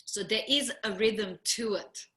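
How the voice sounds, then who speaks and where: A middle-aged woman co-hosting a casual chat, telling a lively story, laughing often and acting out what people said. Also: medium pitch, a little slow, reverberant. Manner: animated storyteller, laughs often, acts out quotes. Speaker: co-host.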